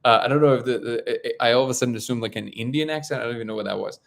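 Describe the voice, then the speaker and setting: A man hosting a casual live-stream talk, speaking haltingly with many restarts and fillers. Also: medium pitch, vocal fry. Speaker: host of a live discussion stream.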